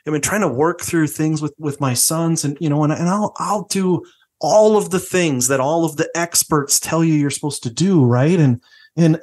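A man's voice: a little high, darkish tone, husky. A man co-hosting a podcast, talking casually about faith and often checking in with "right?". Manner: conversational, repeats "right?" often. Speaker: podcast co-host.

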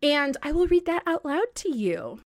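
A woman co-hosting a podcast, telling history in a casual, excitable way, full of "like" and the odd swear. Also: sits high, normal speed. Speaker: podcast co-host.

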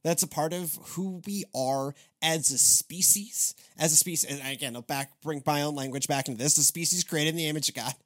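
A man hosting a church podcast in casual chat, rambling with restarts and animated asides. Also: fairly high pitch, brisk, hardly any pauses. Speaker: podcast host.

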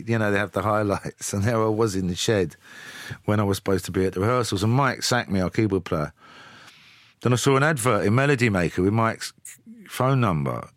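A man's voice: lowish voice, dry recording, studio quality. A man, a singer telling anecdotes in an interview. He talks in a chatty way and laughs as he tells his stories. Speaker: guest, singer. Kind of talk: storytelling interview.

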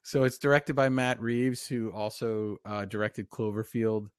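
A man co-hosting a casual podcast chat, talking quickly with fillers and easy laughs. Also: fairly low pitch, level tone, clean tone, dry recording, studio quality. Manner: chatty, talks fast with laughs and fillers. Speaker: podcast co-host.

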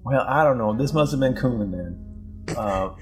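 A man's voice: mid-range voice, animated, moderate pace, faint music behind. A man playing a tabletop game, stammering and rambling, with exaggerated wails. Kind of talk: in-character play, casual.

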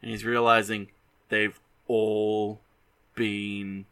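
A young adult man hosting a show who casually retells a movie in animated bursts. He swears freely and often restarts his sentences. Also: fairly low pitch, very slow, clear, resonant tone. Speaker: host.

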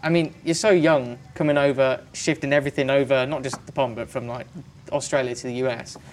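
A man's voice: mid-range voice, steady tone, fairly quick, slight background noise. A man interviewing guests, asking long, rambling questions. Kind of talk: casual interview.

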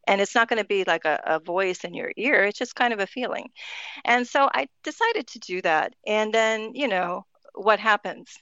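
A chatty woman guest on a podcast, talking in a relaxed, spiritual way with frequent laughs and filler words. Her voice sits in a middle pitch. The recording is a bit dull and muffled, with a dry, close sound. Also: no echo. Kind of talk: casual conversation.

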